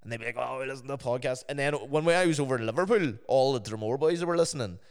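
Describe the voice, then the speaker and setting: Smooth-voiced man in casual podcast chat. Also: mid-range voice, racing. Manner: swears freely, quotes others in chatty asides. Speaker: podcast co-host and DJ.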